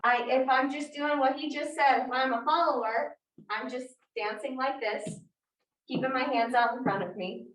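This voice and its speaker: A woman teaching a live dance class, explaining steps in an upbeat, clear way. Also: sits high, steady tone, moderate pace, fairly bright tone. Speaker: dance instructor. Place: dance studio. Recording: roomy, distant sound.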